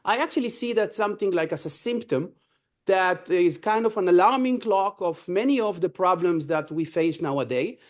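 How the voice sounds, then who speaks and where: Male lecturer, fairly high voice, halting delivery full of fillers, allergy cough. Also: animated. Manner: hesitant, many fillers and restarts. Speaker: invited speaker. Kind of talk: academic lecture. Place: university lecture room.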